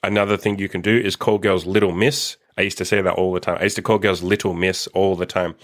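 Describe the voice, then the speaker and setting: A young man talks through a solo podcast in a casual, blunt way, cursing freely. His voice sits on the low side. He keeps slipping into little acted-out snippets of dialogue. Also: level tone, fast. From Australia. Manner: blunt, swears freely, acts out quoted dialogue. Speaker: dating coach podcast host.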